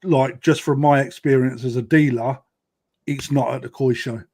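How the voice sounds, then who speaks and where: A man's voice: medium pitch, fairly even intonation, normal speed, a little mellow. A man, a koi dealer, talking bluntly on a live-stream chat and tagging points with "right?". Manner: blunt, emphatic, keeps adding "right?".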